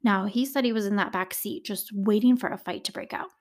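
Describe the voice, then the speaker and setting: A woman's voice: medium pitch, fairly quick. Chatty woman hosting a true crime podcast. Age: adult parent. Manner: chatty, indignant asides to listeners. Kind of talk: casual storytelling.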